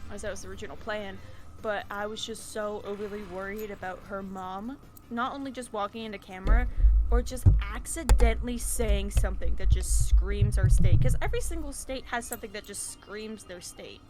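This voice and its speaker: A woman's voice: mid-range voice, moderate pace. A woman streamer chatting casually from home, rambling with lots of fillers and restarts. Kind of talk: casual chat. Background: music.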